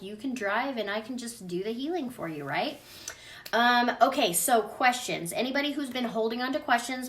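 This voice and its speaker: An energy healing practitioner with a medium-pitched, somewhat bright voice talks earnestly and chattily straight to viewers during a casual livestream Q&A. She sounds as if recorded from a distance.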